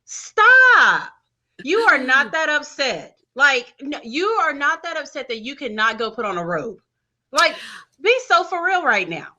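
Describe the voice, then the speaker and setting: A woman's voice: high voice, animated, normal speed, sharp tone. A woman co-hosting a podcast, chatting casually and making blunt, crude jokes about a reality show. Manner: blunt, joking commentary with crude humor. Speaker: podcast co-host.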